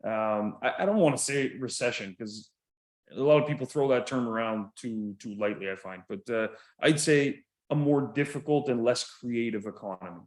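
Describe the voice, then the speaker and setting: A man's voice: mid-range voice, moderate pace. A Canadian man co-hosting a podcast in casual chat, rambling along, laughing often and swearing freely. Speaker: podcast co-host.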